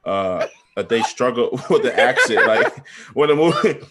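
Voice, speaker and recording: A man with a mid-pitched voice talks in a laid-back, hesitant way. He is chatting casually with friends on a podcast. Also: sing-song, unhurried, noisy background. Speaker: podcast co-host. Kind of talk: casual chat.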